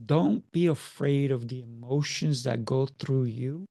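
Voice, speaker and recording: A man's voice: medium pitch, a little slow, vocal fry, mellow, dry recording, clean studio sound. A man who is a martial arts coach, chatting in an interview over a video call and driving his points home with emphatic rhetorical questions. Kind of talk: casual interview chat.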